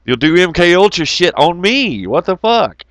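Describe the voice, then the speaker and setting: A man's voice: high voice, moderate pace, no room sound. A man rambling through a casual monologue, swearing freely and laughing as he tells stories. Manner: profane, laughing, animated storytelling.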